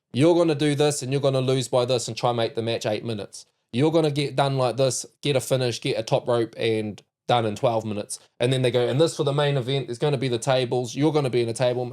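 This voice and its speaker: A man with a New Zealand accent hosting a podcast, telling a story in lively casual chat and acting out quotes. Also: mid-range voice. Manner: animated storyteller, laughs and acts out quotes. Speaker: podcast host.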